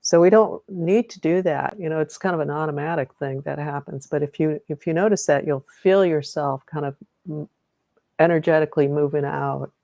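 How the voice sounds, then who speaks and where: A woman's voice: sits low, steady tone, moderate pace, warm tone, no echo. A middle-aged woman hosting a live-streamed energy healing meditation, rambling and correcting herself as she guides listeners and greets viewers by name.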